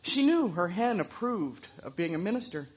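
A woman telling a story aloud in an animated way, throwing in sound effects. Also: lowish voice, normal speed, slightly rough, dull audio. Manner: lively, with vocal sound effects.

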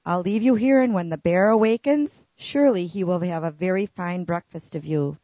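A woman voicing a powerful, greedy king in a read-aloud story, speaking loudly and demandingly. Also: on the low side, moderate pace, no room sound, muffled recording, lightly acted. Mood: indignant.

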